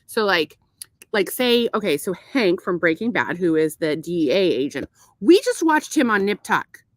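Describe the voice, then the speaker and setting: A middle-aged woman co-hosting a podcast, telling stories in an animated, profane, casual way. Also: fairly low pitch, normal speed, no room sound. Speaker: podcast co-host. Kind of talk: casual chat.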